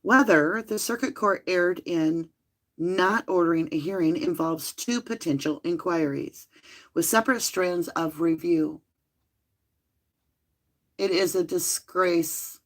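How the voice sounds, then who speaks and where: A woman's voice: on the low side, slow. A woman hosting a livestream, reading a court ruling aloud from a room at home and breaking off to talk to her viewers by name. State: out of breath.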